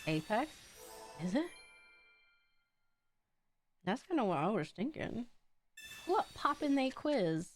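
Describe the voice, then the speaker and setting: A young woman streaming a card game, chatting casually in an animated way and laughing often. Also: fairly high pitch, takes it slowly, pauses often, faint music behind. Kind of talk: casual chat while playing a card game.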